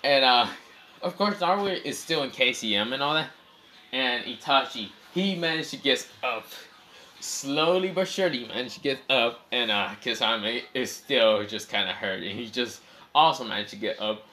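Bright-voiced man rambling through a story. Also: mid-range voice, lively intonation, normal speed. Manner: rambling, swearing, many fillers and self-corrections. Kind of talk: casual improvised fan-fiction storytelling.

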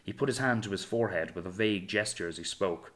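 A man reading a novel aloud in measured, dramatic storytelling narration. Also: low-pitched, fairly bright tone. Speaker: audiobook narrator. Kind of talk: scripted narration.

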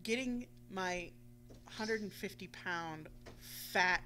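A woman telling a long casual story on a radio talk show, animated and swearing freely, acting out the voices she quotes. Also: medium pitch, takes it slowly, slight background noise.

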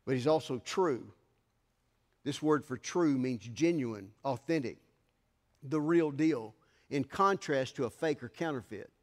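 Emphatic preacher in a reverberant church. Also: male voice, mid-range voice, unhurried. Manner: emphatic, swelling to loud declarations. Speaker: pastor. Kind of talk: sermon. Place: church sanctuary.

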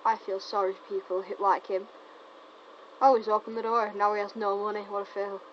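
Talking a little fast, a woman teases and gets excited while commenting casually on gameplay, her words tumbling over each other. Her pitch is average for a woman. The sound is lo-fi, dull and muffled, with faint background hiss.

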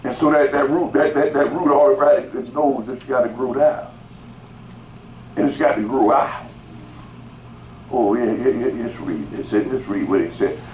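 With a mid-range, darkish voice, this pastor preaches slowly and pauses often, repeating words and calling out to the congregation in rising bursts. The sound is echoey, with faint background noise.

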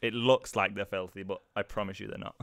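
A man's voice: lowish voice, steady tone, a little fast, gravelly, dry recording, studio quality. A man co-hosting a live game stream, chatting casually, laughing often and teasing his co-host.

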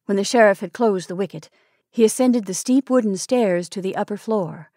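A woman host narrating a story in a calm, measured reading voice. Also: mid-range voice, no echo, studio quality. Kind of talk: scripted narration.

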